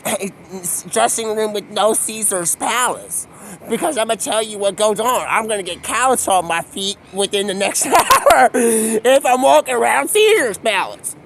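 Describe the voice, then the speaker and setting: A man's voice: sits high, expressive, unhurried, vocal fry, a bit bright, slight background noise. A man live-streaming outdoors on his phone, talking in a rambling, free-associating monologue that jumps from topic to topic. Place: outdoors on a city street.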